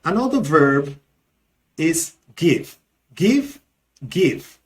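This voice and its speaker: Slow, lively Nigerian man teaching. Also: on the high side. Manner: repeats each example word slowly and clearly. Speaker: language teacher. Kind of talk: slow, deliberate language lesson.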